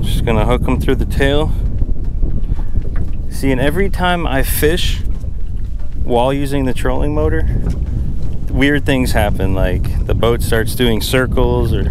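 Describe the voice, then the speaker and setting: A young man narrating his fishing trip from a small boat, casual and excitable, breaking into loud exclamations whenever a fish bites. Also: on the low side, very noisy. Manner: excitable, exclaims loudly when fish bite. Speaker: fishing vlogger. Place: small boat on the water outdoors.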